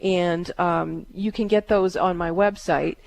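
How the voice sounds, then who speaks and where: A woman hosting a call-in psychic radio show, giving calm, halting readings with many fillers. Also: on the low side, creaky.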